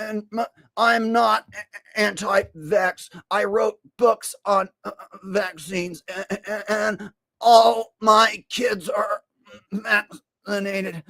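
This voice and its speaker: A man impersonating a middle-aged male political nominee, with a strained, halting, stammering voice. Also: vocal fry, a bit bright, no echo, full character voice. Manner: mocking impression with strained high delivery.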